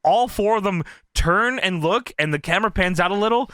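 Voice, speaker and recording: A man's voice: high voice, smooth, no room sound, clean studio sound. A man co-hosting a podcast, animatedly retelling wrestling clips in casual chat, laughing often and swearing. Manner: animated storyteller, laughs often, swears, does quick impressions. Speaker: podcast co-host.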